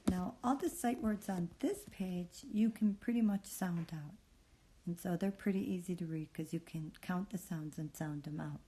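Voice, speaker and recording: A woman teaching a phonics reading lesson, patiently sounding out words and praising the learner in a soft, encouraging way. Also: on the low side, normal speed, slight background noise.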